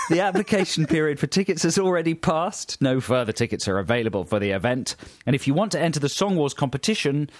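A man's voice: on the high side, sing-song, a little fast, no echo. A British man co-hosting a comic radio show, reading out listener emails and joking with his co-host. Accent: British English. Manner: giggly, joking, reads listener emails aloud. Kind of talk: casual comic chat. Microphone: dry studio mic.

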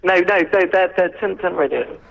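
A man's voice: sits high, moderate pace, creaky, fairly bright tone, highs cut off. Posh, hesitant male radio caller. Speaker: phone-in caller. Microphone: phone line.

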